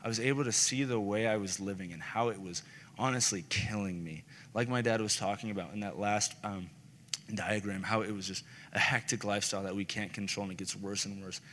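A young man gives an earnest, casual and heartfelt personal testimony sermon, sharing his own story. His lowish voice is steady, fairly quick and a bit bright, recorded in a reverberant hall with faint noise.

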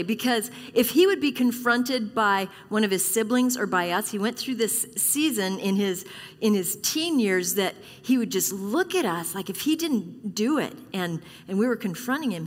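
A woman's voice: mid-range voice, a bit bright. A middle-aged woman pastor giving a sermon in a candid, conversational way, restarting sentences often. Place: church sanctuary. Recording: long reverb of a church hall.

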